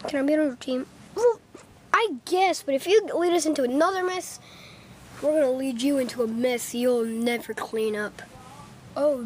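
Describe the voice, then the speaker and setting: A woman performing a homemade fan skit, voicing every role herself and jumping between high and low voices as the characters squabble. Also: slight background noise.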